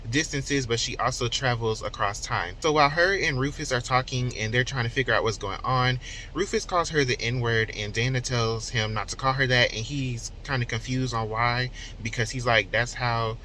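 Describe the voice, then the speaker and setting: A man's voice: medium pitch, normal speed, sharp tone, slight background noise. Casual man recapping a novel. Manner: conversational, retells scenes with quoted dialogue. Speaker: book reviewer. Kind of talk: casual book recap and commentary.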